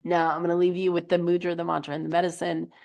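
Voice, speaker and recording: A woman's voice: on the low side, little pitch movement, fast, vocal fry, darkish tone, highs cut off. A woman coach giving a monthly energy reading in an earnest, reassuring way, her voice worn from a recent cold. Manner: earnest, reassuring, repeats phrases.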